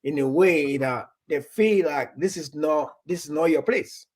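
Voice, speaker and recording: A man from Nigeria with a slightly high, husky voice talks in a loose, rambling way. He restarts and repeats words, and he acts out little conversations as he goes. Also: measured pace, a little mellow. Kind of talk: casual chat.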